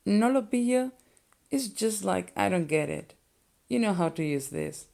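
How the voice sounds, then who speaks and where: A young woman whose first language is Spanish, teaching phrases slowly and clearly and repeating each one for learners. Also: fairly low pitch, a little mellow.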